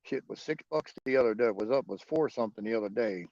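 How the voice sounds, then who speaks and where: A man's voice: mid-range voice, fast talker, a little mellow, dull audio. A man hosting a livestream, chatting casually and profanely with viewers and chuckling often. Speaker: livestream host.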